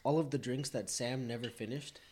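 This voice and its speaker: A man's voice: mid-range voice, fairly even intonation, a little fast, dark tone, a little hiss or hum. A man hosting a casual, profane chat, laughing easily and steering toward questions for listeners. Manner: laid-back, laughing, profane.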